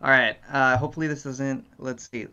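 A man's voice: medium pitch, steady tone, fairly quick, sharp tone, smooth, lo-fi sound. A male co-host reading viewer messages aloud in an easygoing, casual way. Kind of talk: casual chat.

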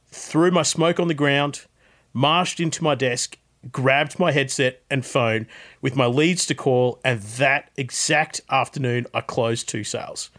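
A man's voice: medium pitch, a bit bright, natural voice. A man reading a listener's story aloud, putting on an Australian accent to voice a former mechanic turned car salesman. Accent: put-on Australian.

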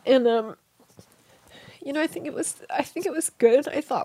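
A woman in an interview, telling a deeply personal story in a tender, hushed way that often sinks to a soft whisper. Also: moderate pace, pauses often, no echo. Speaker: interview guest.

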